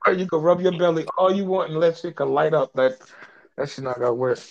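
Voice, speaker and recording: A man with a fairly high voice chats on a podcast in a relaxed, slangy style. His audio sounds dull and lo-fi. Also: quick pace, gravelly. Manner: laid-back, slangy. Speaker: podcast co-host. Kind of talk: casual podcast chat.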